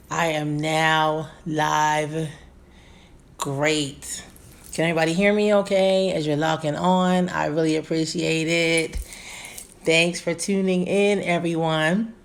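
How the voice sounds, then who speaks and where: A woman's voice: low voice, fairly even intonation, slow. A woman in her forties, a gynecologist, chatting casually on her first live stream, bubbly and greeting viewers by name with many fillers.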